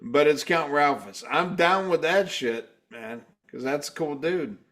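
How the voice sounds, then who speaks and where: A man's voice: a little high, unhurried, a bit bright. A man co-hosting a casual podcast, rambling, stammering and laughing often. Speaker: podcast co-host.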